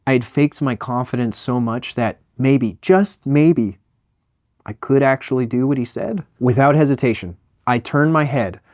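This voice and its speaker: A young man spinning a funny personal story with animated energy and self-deprecating asides. His voice sits at an ordinary middle pitch, recorded close and dry with no room sound. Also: no room sound. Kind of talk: comedic storytime narration.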